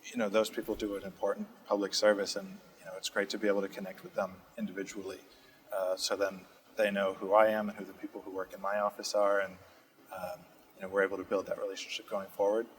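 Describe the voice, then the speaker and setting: A young man, answering interview questions in a steady, thoughtful way with frequent fillers, in a community TV studio. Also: fairly low pitch, fast talker, poor audio. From Massachusetts. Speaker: state representative guest.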